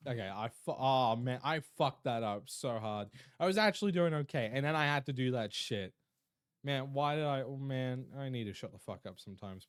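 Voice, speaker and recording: A young man chatting on a live stream with a lively, bouncing pitch. He jokes, swears freely and greets his chat. The talk is loose and casual. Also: clean tone, dry recording, studio quality.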